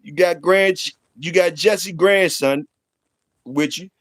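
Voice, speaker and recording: A middle-aged man chats casually on his own stream, swearing freely and laughing as he teases people. His voice sits a little high for a man. The sound is dry and close, with no room echo. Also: slow, fairly bright tone. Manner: laughing, profane, teasing banter. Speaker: channel host. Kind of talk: casual livestream chat.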